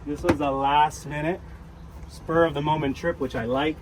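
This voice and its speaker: A man's voice: a little high, fairly even intonation, moderate pace. Upbeat man vlogging from a boat. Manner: upbeat, rambling, talks to viewers. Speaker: fishing channel host. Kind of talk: casual vlog chat. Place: outdoors at a marina and on a boat. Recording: outdoor wind and boat noise.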